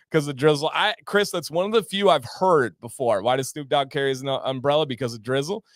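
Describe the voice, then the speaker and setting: Livestream host, male, from Michigan; chatty, laughs a lot, repeats himself. Slightly higher voice, dry close mic. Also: brisk, no echo. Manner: chatty and animated, laughs often, repeats phrases, reacts to chat by name. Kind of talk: casual livestream chat, reading viewer comments.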